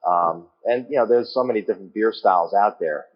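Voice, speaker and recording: A man with a somewhat low voice answers interview questions in his own brewery taproom. He speaks calmly and steadily, often saying "you know" and "um". The sound is slightly muffled. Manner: calm, measured, with frequent "you know" and "um". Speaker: brewery owner, guest.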